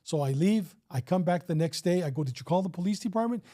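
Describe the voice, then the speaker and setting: A man's voice: high-pitched, expressive, fast talker, mellow. A man in his fifties, a retired police officer, telling a story in a casual interview and acting out the dialogue with some swearing.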